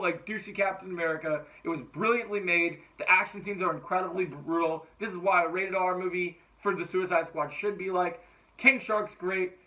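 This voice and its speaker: A man giving casual, enthusiastic movie-ranking commentary, rambling and swearing freely. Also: high-pitched. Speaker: movie reviewer. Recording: tinny phone-like sound, distant from mic.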